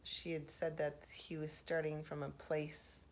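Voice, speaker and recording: Slow, low-voiced soft-spoken woman. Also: little pitch movement, a little hiss or hum. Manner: reflective, thinking aloud with pauses. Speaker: host. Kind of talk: soft-spoken ASMR poetry analysis.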